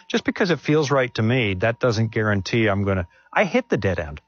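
A man gives his testimony as a guest at an onstage Q&A, talking earnestly and conversationally and often restarting his sentences. His voice is husky and sits at a middle pitch. The recording is dry and dull. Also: animated, a little fast, hardly any pauses, no room sound. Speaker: guest speaker.

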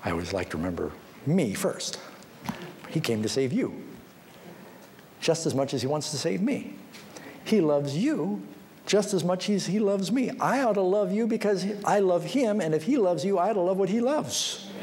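A pastor preaches animatedly at a normal speed, telling stories and impersonating the people he quotes with big pitch swings, then pleading personally with his listeners. Crowd noise mixes with hall reverb and faint background noise.

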